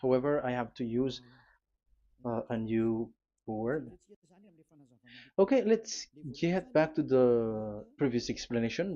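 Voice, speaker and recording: Slow, halting man teaching at a board. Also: mid-range voice, darkish tone, dull audio. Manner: halting, many fillers and restarts, spells out letters. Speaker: preacher.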